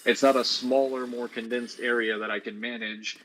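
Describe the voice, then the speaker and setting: A man's voice: medium pitch, flat delivery, moderate pace, fairly bright tone, a little hiss or hum, low-quality recording. A young man playing a video game on stream, chatting in a laid-back way and sharing opinions about games. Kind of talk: casual gaming stream chat.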